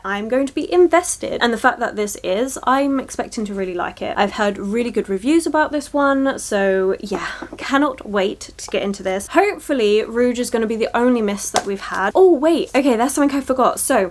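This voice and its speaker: A woman chatting casually in a reading vlog, excitable and rambling, gushing over books and a little tired. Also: fairly high pitch. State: tired from early shifts. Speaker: book vlogger.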